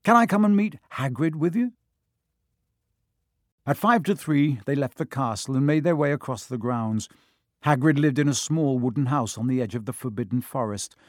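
Male audiobook narrator, mid-pitched, expressive, dry studio sound. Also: no echo. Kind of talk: storybook narration.

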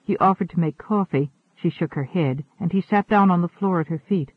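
A man's voice: high-pitched, fairly quick, breathy edge, no echo. Man narrating an audiobook, thin phone-like sound.

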